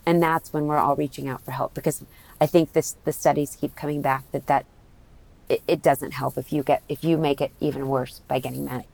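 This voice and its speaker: A woman's voice: deep voice, flat delivery, brisk, gravelly, a little mellow. A middle-aged woman from the United States, talking candidly as a guest in an interview, rambling with many restarts.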